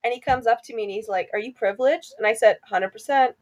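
A woman's voice: a little high, fast. A young woman casually chatting with a friend, jumping in to add to the story and quoting people. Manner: chatty, quotes people, chimes in with laughs.

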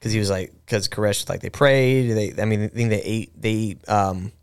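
A young man with a smooth, clear voice tells a history story to his co-host in an offhand, rambling way. He fills it with ums, restarts and casual swearing, and the delivery stays conversational. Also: lowish voice, moderate pace. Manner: recounts history loosely, with filler words, restarts and profanity. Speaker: podcast co-host.

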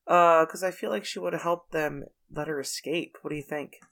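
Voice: mid-range voice, fairly even intonation, moderate pace, gravelly, a bit bright. A speaker in casual conversation about a film, asking questions in a hesitant way. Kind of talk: casual movie discussion.

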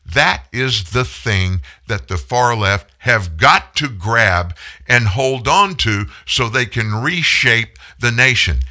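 His medium-pitched voice is very animated, pushed and bright as this political talk show host in his sixties hammers home his points, punching single words and stretching key ones slowly for emphasis.

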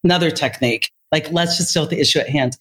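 A woman's voice: sits low, quick pace. A woman being interviewed as a guest, a therapist who tells workplace stories and animatedly acts out the lines of the people in them. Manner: animated storyteller who acts out quoted dialogue. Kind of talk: storytelling in conversation.

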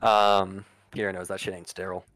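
A man's voice: deep voice, level tone, normal speed, fairly bright tone, no echo, soft background music, poor audio. A man narrating a tabletop game as game master, casual and profane, with lots of ums and uhs.

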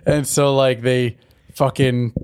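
A man's voice: mid-range voice, level tone, takes it slowly, a little mellow, smooth. A man co-hosting a podcast, rambling in casual chat, swearing freely and laughing often. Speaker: podcast co-host.

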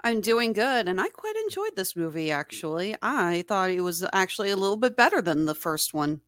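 A young woman guests on a casual movie-review podcast, throwing in quick, teasing remarks. Her pitch swings widely. The recording is close and dry. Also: very animated, a bit bright, no echo.

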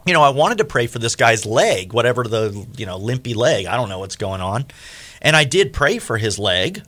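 A man hosting a faith radio interview, telling a story with lively acted-out quotes. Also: moderate pace. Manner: animated, acts out quoted speech with big pitch jumps. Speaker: radio show host.

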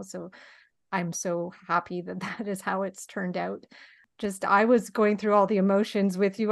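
A middle-aged woman hosting a podcast interview, speaking in a warm, emotionally affirming way. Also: fairly low pitch, creaky, no echo, clean studio sound. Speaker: podcast host. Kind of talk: conversational interview.

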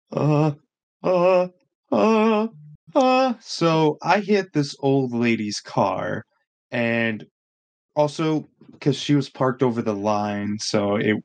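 Young man telling a story, animated. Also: medium pitch. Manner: animated, swears a lot, acts out quotes. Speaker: podcast co-host. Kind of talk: casual storytelling chat.

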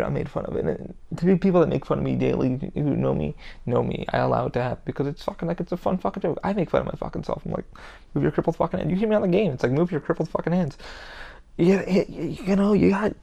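Gravelly man, candid rambling podcast talk. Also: fairly high pitch, darkish tone. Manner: heavy cursing, rambling and candid. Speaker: podcast host. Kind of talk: casual personal monologue.

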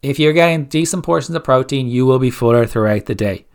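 A man's voice: mid-range voice, brisk, darkish tone, clean tone. A man hosting a solo coaching podcast, giving blunt, direct fat-loss advice and firing off rhetorical questions. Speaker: fitness coach, podcast host.

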